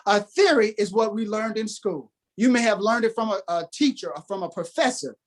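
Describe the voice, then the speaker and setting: A man's voice: high voice, brisk. A man who is a guest on a podcast, giving a motivational talk with emphatic, preacher-like delivery and repeated phrases.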